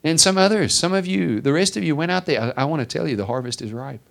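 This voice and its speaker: A male pastor preaching a sermon to his congregation, building with repeated emphatic phrases and dropping to quiet stresses. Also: fairly high pitch, expressive, fast, vocal fry. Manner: preaching with rising emphatic repetition.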